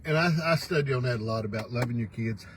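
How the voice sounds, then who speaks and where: A man's voice: medium pitch, quick pace, slight background noise, rough recording. An older man hosting a casual morning livestream, folksy and teasing, laughing often as he talks. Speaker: host. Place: pickup truck.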